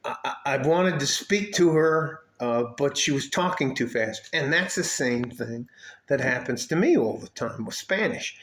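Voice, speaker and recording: Guy vlogging off the cuff, mid-pitched, loose, cussing, keeps restarting sentences. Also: lively intonation, measured pace, a bit bright. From West Texas, El Paso. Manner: profane, laid-back, trailing restarts and chuckles. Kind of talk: casual rambling monologue.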